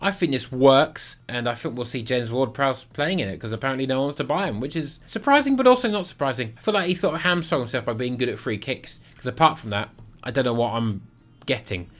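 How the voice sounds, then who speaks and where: A man's voice: medium pitch, lively intonation, fast talker. A man casually reviewing football kits, blunt and sarcastic with lots of swearing. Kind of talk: casual rating vlog.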